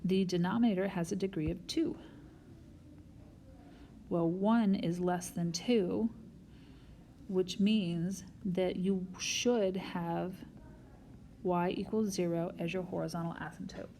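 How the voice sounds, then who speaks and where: A woman's voice: fairly low pitch, fairly even intonation, slow, long pauses, dark tone, slight background noise. A woman math teacher recording a whiteboard lesson, explaining each step patiently and talking straight to her students.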